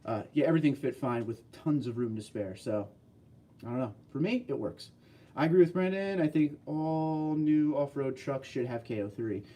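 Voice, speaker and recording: A man's voice: mid-range voice, dark tone, far from the mic. Man, casual livestream host, rambling chat, a bit off-mic. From California. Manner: rambling, chatty, answers chat questions. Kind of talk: casual livestream chat reading viewer comments.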